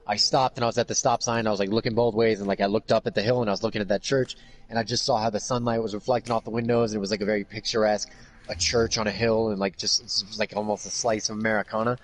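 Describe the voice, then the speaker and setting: A man's voice: lowish voice, flat delivery, very fast. A man hosting a podcast in casual chat, rambling with constant fillers and swearing. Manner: rambling, profane, heavy "like" filler. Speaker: podcast host.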